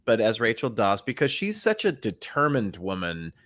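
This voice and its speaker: A man co-hosting a podcast, sharing opinions in an animated, casual way with easy laughs. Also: fairly low pitch, normal speed, dry recording. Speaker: podcast co-host.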